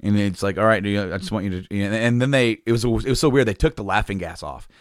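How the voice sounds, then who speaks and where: A man's voice: fairly low pitch, fast talker, no echo, studio quality. A man telling a long personal story in casual chat, rambling and restarting sentences, laughing often. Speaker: podcast guest telling a story.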